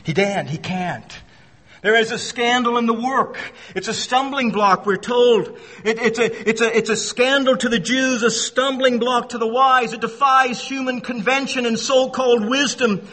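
A man's voice: extremely high pitch, moderate pace, a bit bright, in a large hall. A man preaching a sermon in an emphatic style, repeating phrases and acting out the voices he quotes. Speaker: pastor.

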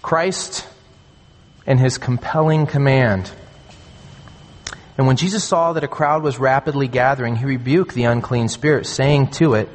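Male pastor, mid-pitch, earnest emphatic sermon delivery, long hall reverb. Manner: earnest, emphatic preaching with slow stressed phrases.

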